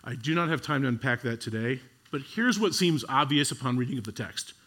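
A male pastor preaching a sermon in a conversational, animated way, swinging from loud bursts to hushed, slow passages. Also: mid-range voice.

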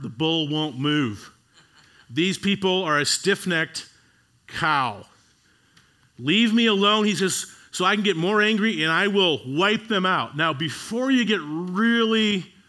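A male pastor preaching a sermon in a conversational, animated way, swinging from loud bursts to hushed, slow passages. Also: on the high side.

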